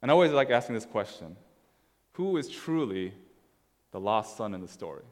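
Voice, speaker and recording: A man's voice: on the low side, very animated, moderate pace, darkish tone. Casual preaching man in echoing hall. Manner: conversational, casual, storytelling with slides. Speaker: pastor. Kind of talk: sermon.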